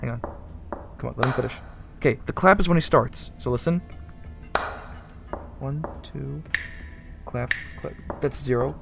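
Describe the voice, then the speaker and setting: A man hosting a let's play, talking himself through a puzzle out loud in an excitable, chatty way. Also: medium pitch, measured pace, vocal fry, long pauses. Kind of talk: gameplay commentary. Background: loud game music.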